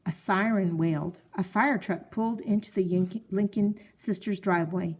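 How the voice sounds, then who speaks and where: A woman calmly narrating a children's story, reading it aloud. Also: mid-range voice, moderate pace.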